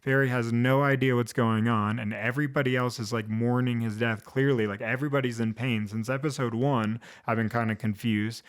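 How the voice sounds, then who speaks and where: A man's voice: medium pitch, steady tone, a little fast, hardly any pauses. A man hosting a one-take vlog, recapping a TV episode in a loose, rambling way, full of "like" and restarts. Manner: rambling, heavy use of "like", restarts. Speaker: vlog host.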